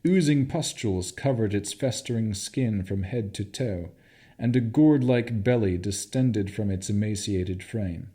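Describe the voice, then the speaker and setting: A man narrating a fantasy audiobook in a measured, expressive way. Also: on the low side, slightly rough.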